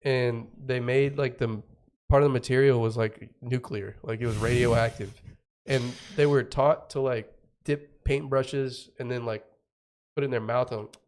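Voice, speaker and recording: A man's voice: medium pitch, fairly even intonation, moderate pace, a little mellow. Rambling man telling a story. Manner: rambling storyteller, heavy "like" filler, swears. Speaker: podcast co-host. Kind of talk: casual chat.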